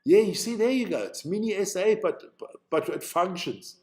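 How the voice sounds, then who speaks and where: Animated and high-voiced, a little mellow, at normal speed, this man reacts to a rugby match on his live stream. He has a South African accent, chats casually, thinks aloud and swears freely.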